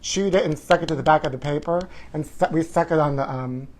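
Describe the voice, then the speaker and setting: A man's voice: on the high side, brisk, a little hiss or hum. A man in his forties hosting a live stream, campy and theatrical, calling viewers honey and whooping as he chats through their comments. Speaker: host.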